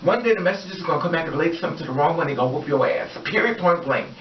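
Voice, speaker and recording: A woman's voice: low voice, expressive, very fast, a little hiss or hum. A woman vlogger ranting in a heated, profane and emphatic way. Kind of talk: personal vlog rant. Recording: echoey, distant, dull-sounding room recording.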